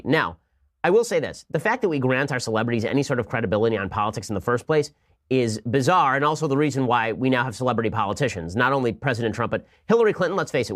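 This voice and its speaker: Rapid-fire sarcastic male commentator. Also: medium pitch, a bit bright. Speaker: podcast host. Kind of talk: political commentary.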